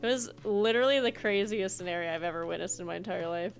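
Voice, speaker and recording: A woman's voice: medium pitch, quick pace, soft background music. A woman streaming a video game, chatting casually and giggling as she plays. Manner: chatty, giggly, explains her character voices. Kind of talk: casual chat while playing.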